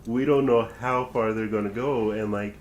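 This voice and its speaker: A man's voice: on the low side, fairly even intonation, moderate pace, roomy sound, a little hiss or hum, low-quality recording. A man co-hosting a casual podcast chat, musing loosely with plenty of fillers. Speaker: podcast co-host.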